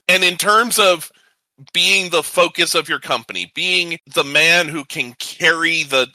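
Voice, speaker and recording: A man's voice: on the high side, slow pace, bright, forceful tone, no echo, rough recording. A man co-hosting a casual podcast, upbeat and opinionated, ranting about his takes. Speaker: co-host.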